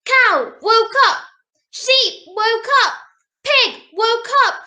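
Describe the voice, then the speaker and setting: A woman reading a picture book aloud to children in a slow, sing-song, animated way. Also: extremely high pitch. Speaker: storybook reader. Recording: roomy echo.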